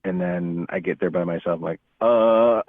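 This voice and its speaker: A man's voice: deep voice, a bit bright. A man, an author guesting on a podcast, talking in a candid, reflective way. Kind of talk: casual podcast chat. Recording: tinny phone-like line.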